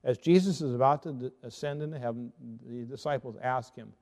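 A man giving a theology talk as a Reformed pastor, arguing earnestly and firing off rhetorical questions. His voice is mellow and warm. It trails off in a hall with a long reverb. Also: medium pitch, brisk, hardly any pauses.

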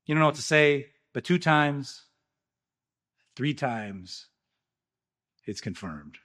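Pastor guy preaching, bright voice, punchy then drops real quiet. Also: a little high, lively intonation, slow pace. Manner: emphatic preaching, swinging between loud rises and quiet drops. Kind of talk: sermon.

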